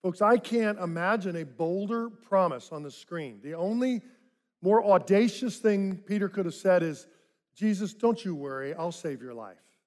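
A man preaching a sermon, telling the story vividly and dropping to soft, low tones for reflective points. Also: expressive, a little slow. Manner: dramatic storytelling, acting out quoted voices. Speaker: pastor.

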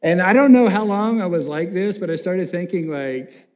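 A young man gives a sermon, slightly higher-pitched than most men. He tells stories with animated, self-deprecating humor and drops from loud bursts to hushed asides. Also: moderate pace, hardly any pauses. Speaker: pastor. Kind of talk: sermon with personal storytelling.

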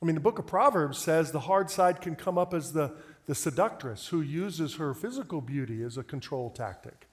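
A man preaching a storytelling sermon, lively and acting out the voices of people he quotes. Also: a little high, normal speed. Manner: animated, acts out quoted voices. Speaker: pastor.

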